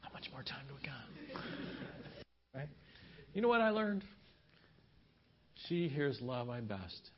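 A man's voice: lowish voice, lo-fi sound, slight background noise. A middle-aged man, a pastor, telling stories at a marriage seminar and acting out his wife's lines in a raised voice.

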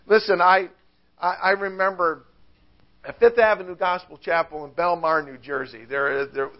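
An older male preacher giving a sermon, lively and chuckling at his own stories. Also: high-pitched, normal speed, highs cut off. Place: church.

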